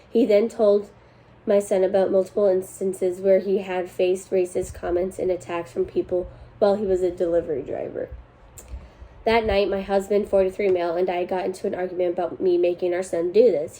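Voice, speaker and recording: A young woman hosts a casual chat and reads forum posts aloud with a mellow, unhurried warmth. She laughs easily between lines and keeps her pitch in an ordinary middle range. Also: rough recording. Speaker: host reading online posts.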